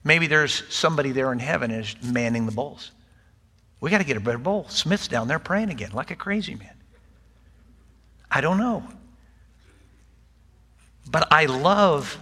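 A man's voice: on the high side, bright, forceful tone, husky. An older man preaching a sermon to his congregation in a folksy, conversational way, mixing in light humor. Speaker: pastor. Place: church sanctuary. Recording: long hall reverb.

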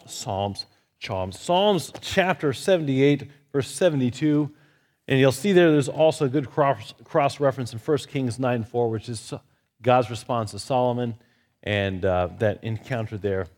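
Leading a church Bible study, this man speaks in a mid-range voice with a darkish tone. He teaches conversationally, weaving lighthearted, gently humorous personal stories together with Scripture.

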